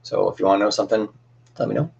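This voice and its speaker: A man's voice: fairly low pitch, steady tone, racing, vocal fry, darkish tone, slightly rough, highs cut off. A young man hosting a casual cosplay livestream, chatting in a rambling, friendly way with lots of fillers and restarts.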